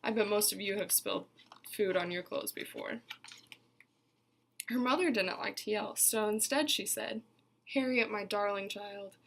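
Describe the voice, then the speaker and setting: A woman's voice: mid-range voice, expressive, moderate pace, vocal fry, long pauses, a bit bright, slight background noise. A woman teacher reading a picture book aloud to her class, telling it expressively and stopping to ask the children questions.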